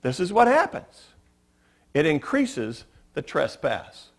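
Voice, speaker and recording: A man preaching a sermon as pastor, relaxed and conversational, mixing humor and stories into his teaching in a church. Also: fairly high pitch, slow, breathy edge. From United States. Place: church sanctuary.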